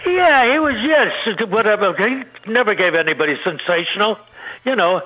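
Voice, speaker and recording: A man's voice: high voice, lively intonation, normal speed, pushed and bright, rough recording. An older man, a comedian being interviewed, telling rambling anecdotes and laughing at his own punchlines. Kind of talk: anecdotal storytelling.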